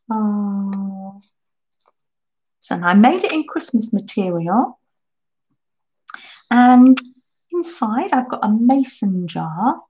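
A woman hosting a live crafting stream, chatting warmly with viewers and answering their comments as she works. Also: mid-range voice, lo-fi sound. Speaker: crafting channel host.

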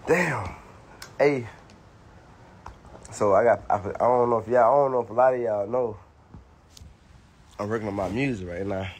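A man's voice: fairly low pitch, moderate pace, long pauses, slightly rough. A young man and father, chatting casually on a vlog while he films his toddler, laughing and teasing in a loose, profane way. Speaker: vlogger and father. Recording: noisy home video.

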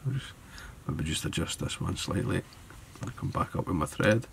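At his tying desk, a man with a Scottish accent walks through a fly-tying tutorial in a relaxed way, reasoning aloud as he works. His deep voice has lively intonation and vocal fry at a normal pace, with a little hiss or hum in the recording.

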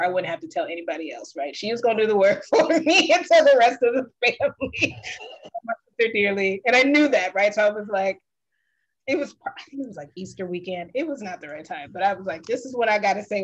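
A guest artist telling a family story on a video call, animated and laughing, acting out the voices of the people she quotes. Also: medium pitch, highs cut off.

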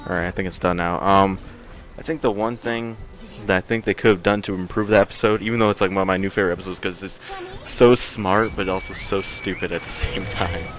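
Man, low voice, rambling let's-play chat, chuckles often, lots of ums. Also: fairly even intonation, a little fast. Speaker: game streamer. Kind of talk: casual gameplay commentary.

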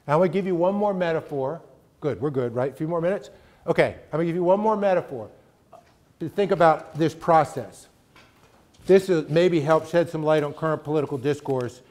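A man's voice: on the high side, a little mellow. A middle-aged man giving a conversational college lecture, emphatic and often checking in with the audience. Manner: emphatic, keeps checking in with "right?". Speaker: guest lecturer.

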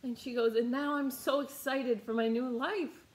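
A woman's voice: high-pitched, fairly even intonation, moderate pace. A young adult woman, a meditation teacher, telling a personal story in a rambling, emotional way, near tears and repeating her phrases. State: tearful, near crying.

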